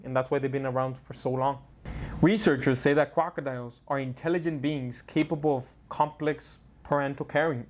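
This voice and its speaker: A man's voice: mid-range voice, darkish tone. A man hosting a casual explainer show, chatty and joking, often restarting his sentences. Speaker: host.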